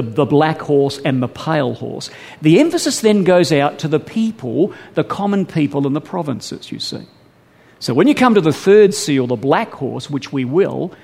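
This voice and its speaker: A male preacher delivers a sermon, emphatic and rhythmic, drawing out key words before hurrying on. His voice sits somewhat high for a man. The sound rings with a long reverb, as from a large hall. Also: darkish tone. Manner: emphatic, repeats "brothers and sisters"; stretches key words slowly, then rushes.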